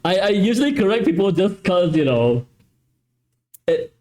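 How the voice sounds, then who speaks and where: A man's voice: high-pitched, very animated, moderate pace, mellow. A man from Malaysia with a westernized English accent, hosting a casual stream chat in a talkative, playfully self-correcting way. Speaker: streamer hosting a tabletop game channel.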